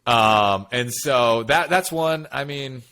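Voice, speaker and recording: A man co-hosting a casual podcast conversation. His voice is bright and forceful, and he tells his stories with energy, often acting out what people said. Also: medium pitch, takes it slowly, smooth. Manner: animated storytelling, quotes himself and others. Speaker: podcast co-host.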